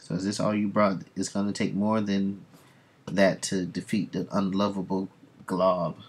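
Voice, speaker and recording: A male streamer chatting his way through a comic, rambling as he thinks aloud. His voice sits very low with a gravelly, creaky texture. There is a husky roughness to it. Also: level tone, a little slow. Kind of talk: casual comic reading and commentary.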